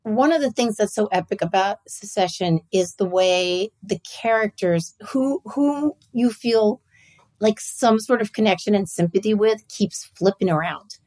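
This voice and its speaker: A woman co-hosting a podcast in casual chat, animated and quick to jump between topics with mock-exasperated asides. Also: medium pitch, low-quality recording. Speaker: podcast co-host.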